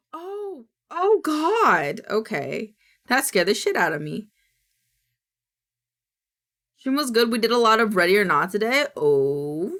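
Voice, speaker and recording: A young woman streaming, chatting casually and reacting to clips, high and loose, swearing and squealing. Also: animated, unhurried, pauses often, a bit bright. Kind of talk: casual chat reacting to videos.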